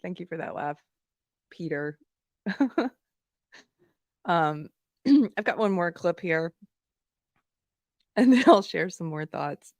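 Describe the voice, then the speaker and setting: An outspoken woman hosts a livestream in casual, chatty commentary. Her voice sits slightly low for a woman, and the sound is dry and close with no room around it. She talks frankly, like she is hanging out with her viewers. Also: animated, takes it slowly, long pauses, darkish tone, no room sound. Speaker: livestream host.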